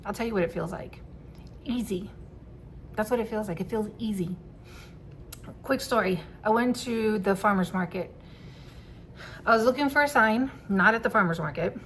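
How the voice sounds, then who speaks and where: A woman telling a personal story to camera in a casual vlog, candid and quick to swear and laugh. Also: medium pitch, a bit bright, slight background noise. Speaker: vlogger.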